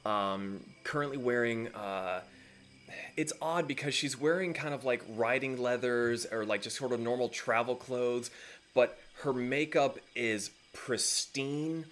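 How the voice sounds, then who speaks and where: A man's voice: medium pitch, a little slow, a bit bright, a little hiss or hum. A man narrating as game master in a tabletop game, rambling with many fillers.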